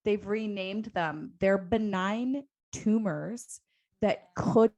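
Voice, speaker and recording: A woman's voice: medium pitch, takes it slowly, darkish tone. A woman in her thirties co-hosting a podcast, talking earnestly and emphatically, with a touch of sarcasm. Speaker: podcast co-host. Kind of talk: casual chat.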